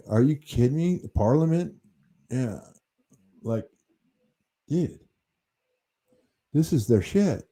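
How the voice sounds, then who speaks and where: A man's voice: mid-range voice, expressive, a little slow, long pauses, mellow. An American man hosting a livestream, talking in an indignant, rambling way, full of fillers and restarts. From United States. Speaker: livestream host.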